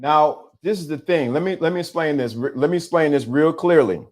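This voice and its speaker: A man hosting a casual livestream, talking to his chat in an animated, teasing way and laughing often. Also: a little high, fairly quick, a little hiss or hum. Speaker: livestream host. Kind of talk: casual live-stream chat.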